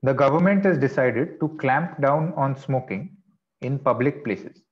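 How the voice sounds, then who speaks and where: A man's voice: mid-range voice, measured pace, lo-fi sound. A man teaching vocabulary in an online class, explaining patiently with chatty asides. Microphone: video call.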